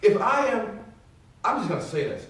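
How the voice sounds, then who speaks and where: A man's voice: sits high, sing-song, normal speed, a bit bright. Man lecturing in distant echoey audio. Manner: lecturing, emphatic, repeats himself. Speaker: man in a played private recording. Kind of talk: heated private argument.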